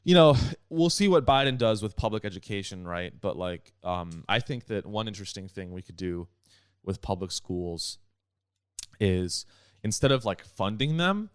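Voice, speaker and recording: A man's voice: fairly low pitch, lively intonation, normal speed, smooth, no echo, clean studio sound. A young man hosting a solo comedy podcast, ranting in a rambling, profane way with many restarts. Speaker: podcast host.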